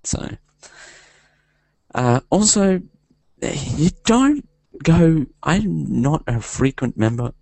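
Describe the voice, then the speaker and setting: A man's voice: mid-range voice, gravelly, darkish tone, husky, no echo, poor audio. A man doing a casual, rambling film review segment for a podcast, hesitant and full of fillers, amused by his own jokes.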